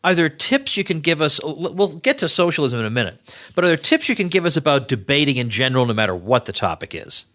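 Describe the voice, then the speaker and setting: Bright-toned male host, energetic interviewer. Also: fairly high pitch, fast talker. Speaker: podcast host. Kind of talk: casual interview.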